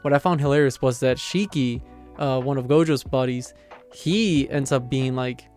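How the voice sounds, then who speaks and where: A man's voice: mid-range voice, moderate pace, a little mellow. Rambling casual man with faint music. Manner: rambling, heavy on "like" and "you know" fillers; amused, laughs while retelling. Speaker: manga chapter reviewer. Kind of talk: casual spoken recap.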